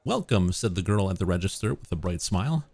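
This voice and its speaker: A man's voice: low-pitched, animated, fast, darkish tone, dry recording. A man streaming a visual novel, reading the narration and characters aloud and breaking off into joking asides. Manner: reads narration, then drops into joking asides.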